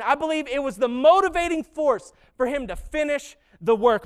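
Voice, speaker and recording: A man preaching a sermon as pastor, talking in a conversational way and rising to slow, emphatic stresses. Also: extremely high pitch.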